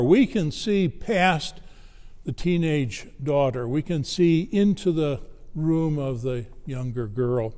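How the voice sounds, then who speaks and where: A man preaching a sermon, telling a story slowly and deliberately with long pauses. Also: a little high, warm tone. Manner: slow, measured storytelling with dramatic pauses. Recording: long hall reverb.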